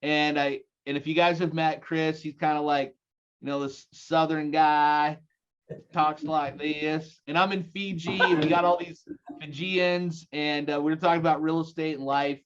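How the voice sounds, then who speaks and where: A man in his forties with a Utah accent, giving an energetic seminar talk and rallying his listeners with questions. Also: fairly high pitch, moderate pace, clear, resonant tone, lo-fi sound. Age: 40s. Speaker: guest speaker. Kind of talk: live seminar presentation.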